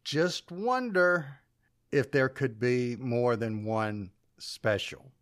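An enthusiastic man hosts a casual podcast chat. He speculates freely and keeps turning questions over to his co-hosts. His voice sits at an ordinary mid pitch. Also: slow. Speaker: podcast host.

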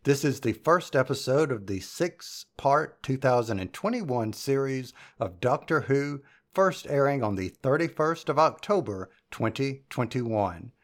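A man in a casual podcast conversation, sharing anecdotes with a playful, relaxed delivery. His voice sits in an ordinary middle pitch. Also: unhurried, hardly any pauses. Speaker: podcast host.

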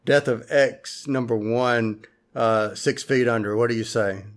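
A man's voice: medium pitch, steady tone, unhurried. A man hosting a podcast in casual chat, rambling with many fillers and restarts. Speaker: podcast host.

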